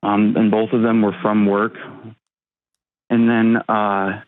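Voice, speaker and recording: A man in his thirties calling an advice show, talking haltingly with many pauses and ums. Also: lowish voice, level tone. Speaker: caller. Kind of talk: call-in advice talk. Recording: tinny phone line.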